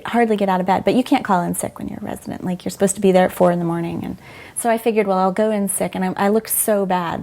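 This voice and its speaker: A woman's voice: mid-range voice, vocal fry, mellow. A middle-aged woman, a former doctor, telling frank, emotional stories in an interview and quoting people as she goes. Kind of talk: candid conversational storytelling.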